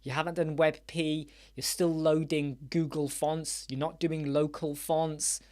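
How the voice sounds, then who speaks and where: A man hosting a live Q&A chat show, rambling and animated, with many fillers. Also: fairly high pitch, measured pace. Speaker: host. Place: dark room with soundproof panels.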